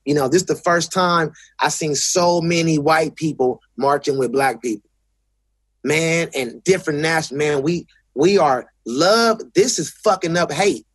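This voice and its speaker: Husky, profane Los man. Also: fairly high pitch, measured pace, no echo. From South Central Los Angeles. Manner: blunt, profane, restarts often. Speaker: guest. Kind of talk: casual interview talk.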